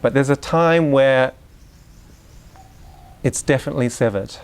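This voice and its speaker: A man with a voice of ordinary pitch gives an informal talk to a group of parents. He explains through examples and throws in asides and questions to the room. He sounds like someone speaking in person to a live audience. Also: unhurried, smooth. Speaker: speaker on Waldorf education.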